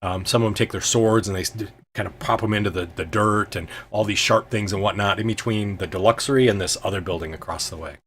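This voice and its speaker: A man's voice: fairly low pitch, fast, slight background noise. A man narrating a tabletop game as game master, in a loose, hesitant way full of ums and filler words.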